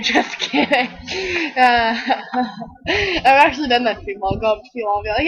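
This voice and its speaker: A woman's voice: fairly high pitch, a little fast, fairly bright tone, breathy edge, poor audio. A teenage girl chatting casually while playing a game, rambling and giggling, a bit tired from little sleep, and acting out the people she quotes. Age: teens. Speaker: gaming video creator. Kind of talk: rambling casual chat over gameplay.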